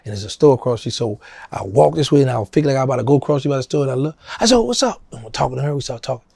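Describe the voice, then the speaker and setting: Rapid-fire and husky, a middle-aged interview guest with a New Orleans accent rattles through a casual tale, leaping up in pitch to act out each quote. It's a close, dry recording.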